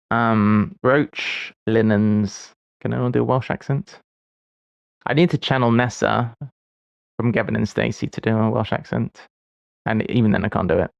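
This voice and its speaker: A man's voice: lowish voice, fairly even intonation, normal speed, creaky, long pauses, no room sound, muffled recording. A man in his forties streaming live, musing aloud as he solves puzzles, with wry, self-deprecating asides. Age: 40s. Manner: muses aloud while solving puzzles. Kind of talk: casual livestream chat.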